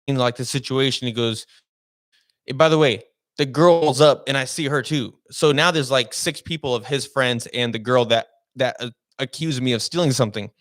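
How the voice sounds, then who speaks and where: A man's voice: mid-range voice, moderate pace, no echo, studio quality. A young man hosting a casual podcast and telling a personal story in a rambling way, full of fillers and restarts. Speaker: podcast host.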